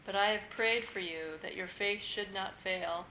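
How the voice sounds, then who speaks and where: Lady reading bible verses aloud, bright tense voice, dull muffled sound, faint hiss. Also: medium pitch, unhurried. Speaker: scripture reader in a Bible study. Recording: echoey room, muffled lo-fi sound, faint background noise.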